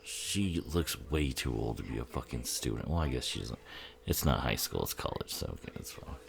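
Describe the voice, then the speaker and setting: A man's voice: extremely low pitch, animated, moderate pace, gravelly. A man giving casual, profane, sarcastic commentary on a film, often laughing as he talks.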